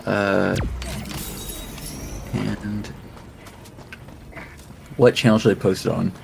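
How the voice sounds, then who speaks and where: A man's voice: lowish voice, steady tone, extremely slow, creaky, noisy background. A man in his late twenties, a streamer chatting casually, rambling and swearing as he talks. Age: late 20s. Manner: rambling, profane, laughing. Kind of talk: casual chat. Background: music.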